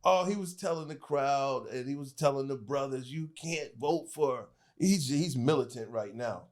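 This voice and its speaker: A man talking as a podcast guest in casual political chat, animated and laughing, with a knack for mimicking voices. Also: mid-range voice, moderate pace.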